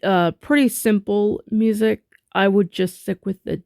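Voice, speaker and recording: A woman teaching a spoken rhythm lesson, chanting rhythm syllables between halting explanations. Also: mid-range voice, fairly even intonation, vocal fry, a little mellow, dry recording, studio quality. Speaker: music teacher.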